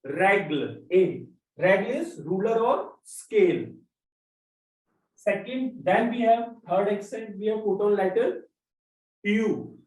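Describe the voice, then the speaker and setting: Male language teacher, unhurried and step-by-step, recorded from a distance in a reverberant room. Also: sits high, lively intonation, darkish tone. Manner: slow, step-by-step explaining, spells out letters. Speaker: French teacher. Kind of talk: classroom lesson. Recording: roomy echo, mic at a distance.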